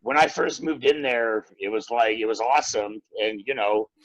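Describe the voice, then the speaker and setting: A man's voice: mid-range voice, normal speed, no room sound. A man co-hosting a podcast who rambles in casual chat, swears a lot and fills his sentences with filler words. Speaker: podcast co-host. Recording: dull, lo-fi sound.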